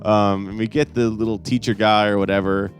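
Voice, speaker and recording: A man's voice: lowish voice, flat delivery, brisk, faint music behind. A young man hosting a casual comic review podcast, rambling along with sarcastic asides. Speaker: host.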